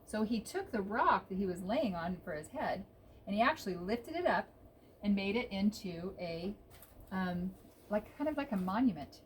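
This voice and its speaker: A woman teaching children a Bible story, exclaiming often and pausing with fillers. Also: mid-range voice, lively intonation, slight background noise, rough recording. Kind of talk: storytelling lesson for kids.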